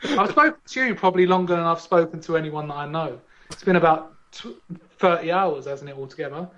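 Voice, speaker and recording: A man's voice: a little high, lively intonation, brisk, fairly bright tone, dull audio. A man co-hosting a podcast, rambling and joking in casual chat. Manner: rambling, digressive and jokey. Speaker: podcast co-host.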